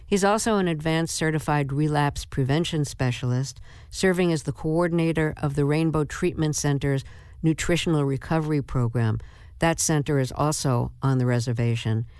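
A woman hosting a radio interview, speaking in a deliberate, measured way with halting pauses. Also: sits low, darkish tone, clear, resonant tone, dry recording. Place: radio studio. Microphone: studio microphone.

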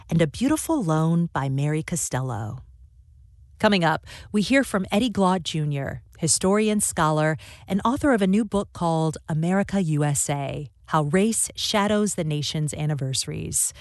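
Low-voiced woman radio host. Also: no echo, clean studio sound. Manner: crisp announcer delivery. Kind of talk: scripted radio links. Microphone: studio mic.

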